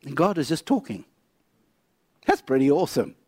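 Animated preacher man, dry close sound. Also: normal speed, slightly rough, no room sound. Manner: storytelling, swings from animated to low and quiet. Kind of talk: sermon.

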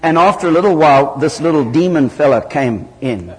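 A man from southern Africa preaching a sermon, telling stories with lively jumps in pitch. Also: fairly quick. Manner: animated storytelling with sudden loud jumps in pitch. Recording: hall reverb.

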